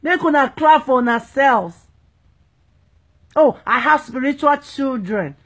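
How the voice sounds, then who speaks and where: High-voiced woman evangelist. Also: animated, slow pace, a bit bright. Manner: emphatic, playful, repeats "you understand?". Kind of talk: preaching talk.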